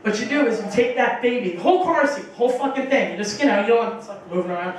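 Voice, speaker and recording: A young woman performs stand-up on a small bar stage in a fairly high, lively voice, talking rapid-fire with a little hiss or hum. Her set is rambling and profane, packed with fillers, and she acts out other people's lines. The sound comes from a distance in an echoey bar room.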